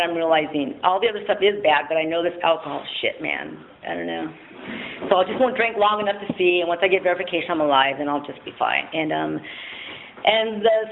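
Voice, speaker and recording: A woman giving a candid personal testimony at a recovery meeting, frank and self-mocking, laughing often and swearing casually. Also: lowish voice. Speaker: speaker sharing at a recovery meeting. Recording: tinny phone-like audio with faint noise.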